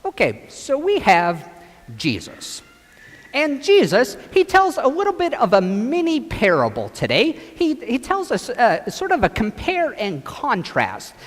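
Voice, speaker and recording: Brief: priest leading a children's gospel skit, high and very animated, long church echo. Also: male voice, a little slow. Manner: animated storytelling, directing children. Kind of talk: children's sermon with acted gospel.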